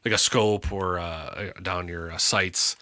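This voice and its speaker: Low-voiced man chatting casually, forceful tone. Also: steady tone, slow pace, no room sound. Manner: loose, rambling, with restarts and jokey asides. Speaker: podcast co-host. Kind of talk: casual chat.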